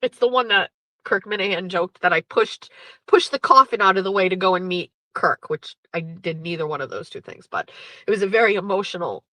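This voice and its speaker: A woman's voice: medium pitch, a little fast, sharp tone, dry recording, rough recording. A woman host in her thirties, candidly telling a personal story with blunt, profane, emotional language. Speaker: podcast host.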